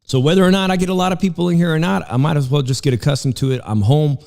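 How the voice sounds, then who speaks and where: A man's voice: fairly high pitch, fairly even intonation, racing, vocal fry, a little mellow, in a large hall. A man hosting a casual live stream, rambling between fight commentary and chat while chewing food at home. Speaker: livestream host and fight commentator. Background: background music.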